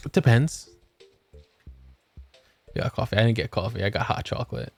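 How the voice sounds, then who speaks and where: A man's voice: medium pitch, lively intonation, moderate pace, vocal fry, soft background music. A young man streaming a game, chatting casually and joking with swearing, tired after a long work shift. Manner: laid-back, swearing, joking. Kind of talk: casual chat while gaming.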